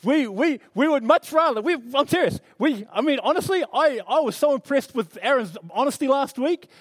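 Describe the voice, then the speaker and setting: High-voiced man preaching earnestly. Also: animated, moderate pace, no echo. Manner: earnest, storytelling, frequent restarts. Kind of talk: conversational sermon.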